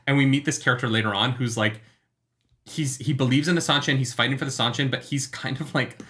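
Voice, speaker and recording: Casual male livestream co-host, bright tone, jokey, swears freely. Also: mid-range voice, steady tone, fast talker. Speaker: book club podcast co-host.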